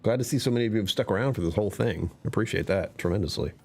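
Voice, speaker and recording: A man's voice: fairly low pitch, rapid-fire, slightly rough. A man streamer chatting casually with his live chat, answering comments and laughing often.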